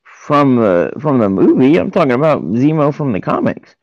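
A man's voice: mid-range voice, sing-song, normal speed, no room sound. A man co-hosting a podcast, chatting casually and cutting in with jokes. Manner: joking interjections. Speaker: podcast co-host. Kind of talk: casual chat. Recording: slightly dull lo-fi sound.

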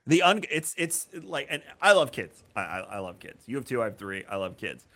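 A man in his thirties, co-hosting a casual podcast, telling a story with lively acted-out voices and free swearing. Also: medium pitch, a little fast. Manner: animated storyteller who acts out voices loudly; swears freely. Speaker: podcast co-host. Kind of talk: casual chat.

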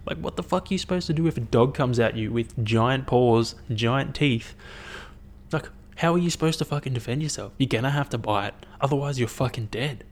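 A young man talking to camera in a casual, rambling monologue, blunt and swearing a lot as he thinks out loud. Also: medium pitch, a little fast. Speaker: vlogger.

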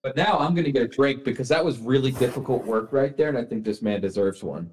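A man's voice: mid-range voice, fast, a little hiss or hum. A man co-hosting a casual movie review podcast, teasing and swearing freely. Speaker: podcast co-host.

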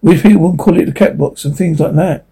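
A man reading the lines of a fussy, prim female receptionist who is quick to correct others. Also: a little high, creaky, warm tone, slightly rough, exaggerated voice.

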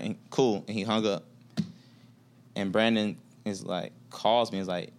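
A man's voice: on the low side, fairly even intonation, moderate pace, clear, resonant tone. A man from Atlanta, a guest on a casual podcast, telling business stories in a laid-back, slangy way and acting out quoted dialogue. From Atlanta, USA.

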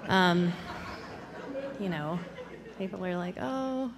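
A woman's voice: mid-range voice, normal speed, long reverb tail, a crowd in the background. A woman sharing her recovery story in a candid, self-deprecating way, laughing often and acting out what others said. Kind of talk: storytelling talk.

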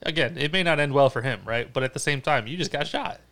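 A man's voice: fairly high pitch, quick pace, fairly bright tone. A man co-hosting a casual podcast, teasing his friend in a dry way, with many hesitations. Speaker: podcast co-host. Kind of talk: casual chat.

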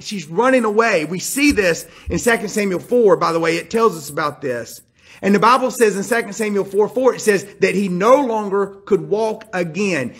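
Husky, high-voiced male preacher. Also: fairly bright tone. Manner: emphatic, storytelling, addresses the congregation directly. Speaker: pastor. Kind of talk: sermon.

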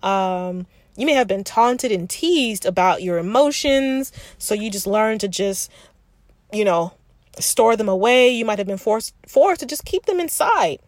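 A woman's voice: medium pitch, expressive, unhurried, no room sound. A woman hosting a candid self-help podcast, talking frankly and reflectively to the listener as if to a sister, thinking aloud with restarts. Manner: frank, confiding, addresses listener as sis. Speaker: podcast host.

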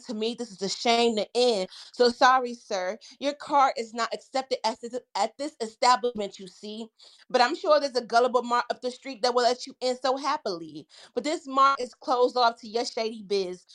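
A woman's voice: fairly high pitch, fairly bright tone. A woman performing her spoken-word poem with a rhythmic, punchy delivery. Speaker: guest poet.

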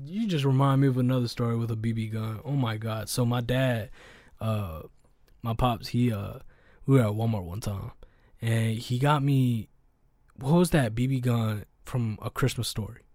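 A man's voice: medium pitch, normal speed, a little mellow, no room sound, clean studio sound. Slangy young man telling stories. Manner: slangy, profane, rambling with fillers. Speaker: podcast host. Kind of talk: casual podcast chat, storytelling.

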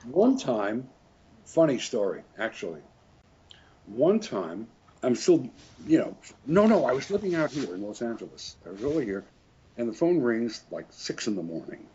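A man's voice: medium pitch, sing-song, normal speed, mellow, a little hiss or hum. An older man, a French horn player, telling rambling anecdotes in a casual interview, often chuckling and correcting himself. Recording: dull lo-fi recording.

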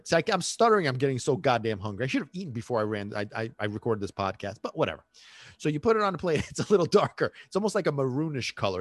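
A man hosting a podcast, talking in a rambling, animated way and slipping into phrases. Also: mid-range voice, dry recording. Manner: animated, rambling, drops into Italian and Sicilian phrases. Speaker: podcast host. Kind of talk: casual podcast monologue.

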